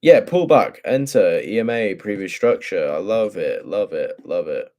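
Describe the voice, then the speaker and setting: A man's voice: sits low, animated, measured pace, warm tone. A young man casually talking through forex charts, thinking aloud in profane, slangy speech. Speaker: forex trader.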